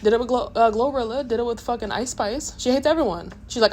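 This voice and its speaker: A woman's voice: fairly high pitch, fast, a little mellow, slight background noise. A woman giving a blunt, profanity-laced casual commentary rant, often mocking the people she quotes. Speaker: commentary vlogger.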